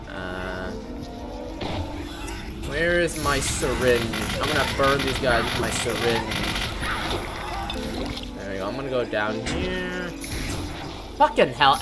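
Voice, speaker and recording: Rambling non-native-English streamer man. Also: mid-range voice. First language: not English. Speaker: game streamer. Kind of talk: casual gameplay commentary.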